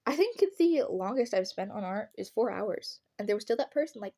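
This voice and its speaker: A woman's voice: mid-range voice, huge pitch swings, measured pace, gravelly, darkish tone. Chatty sarcastic teenage girl. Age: teens. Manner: chatty, sarcastic, laughs often, swears. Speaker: artist vlogger. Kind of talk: casual chat.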